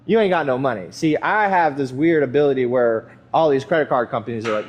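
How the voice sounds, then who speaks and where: Young male vlogger, mid-pitch, loose and profane gym chatter, faint background hiss. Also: moderate pace. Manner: profane, rambling, self-mocking. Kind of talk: casual chat while working out.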